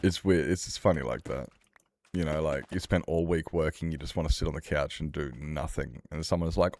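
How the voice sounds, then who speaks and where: A man with a very low, gravelly voice chats loosely while he plays a game. He rambles from one aside to the next, swears freely and laughs often. The fry in his voice stays under every line. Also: a little fast, darkish tone. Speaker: streamer. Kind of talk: casual chat while playing a game.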